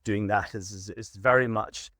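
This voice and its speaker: A middle-aged man with a low voice tells workplace stories in a relaxed interview. Now and then he slips into a firm, stern tone as he replays what he said to difficult clients. The sound is dry and close, with no room around it. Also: normal speed, dry recording. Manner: acts out his own stern warnings to clients. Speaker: veterinary practice manager, guest. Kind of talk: casual storytelling interview.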